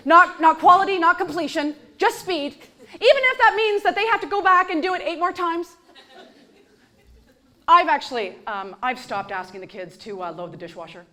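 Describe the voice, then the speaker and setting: High-voiced woman doing sarcastic stand-up. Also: normal speed. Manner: sarcastic, punchy delivery with deadpan asides. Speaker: stand-up comedian. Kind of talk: stand-up comedy set. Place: comedy stage before a live audience. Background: audience laughter.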